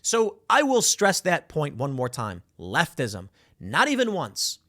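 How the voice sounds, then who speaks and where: A man hosting a solo political commentary, animated and sarcastic, acting out little voices to make his points. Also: a little high, unhurried.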